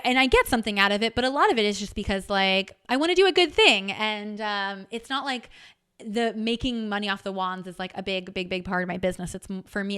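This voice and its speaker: Woman, podcast host, candid storytelling, swears freely, bright tone, smooth clear voice. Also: medium pitch. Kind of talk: personal storytelling monologue. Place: home.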